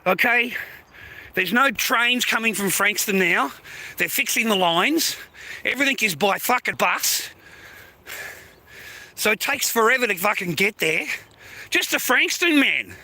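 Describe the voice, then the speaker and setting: A man's voice: sits high, lively intonation, a little slow, pauses often, bright, forceful tone. Sweary man ranting. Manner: angry, heavy swearing, blunt. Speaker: livestreamer. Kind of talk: profane live-stream rant.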